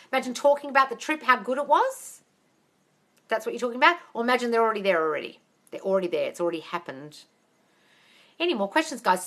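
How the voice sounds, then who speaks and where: A woman's voice: sits high, pushed and bright. A woman hosting a live-stream Q&A as a manifestation coach on a phone. She talks chattily and emphatically, calls her viewers darling and laughs often.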